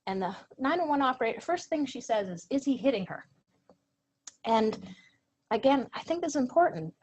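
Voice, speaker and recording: A woman's voice: high-pitched, big pitch swings, a little fast, darkish tone, a little hiss or hum, low-quality recording. A woman presenting a training lecture, earnest and emphatic. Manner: earnest, emphatic, reads out quoted lines.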